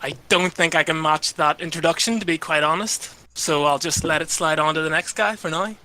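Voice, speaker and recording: A man's voice: on the high side, fairly quick, bright, forceful tone, poor audio. A man with an Irish accent, a guest in casual podcast chat, polite and cheerful.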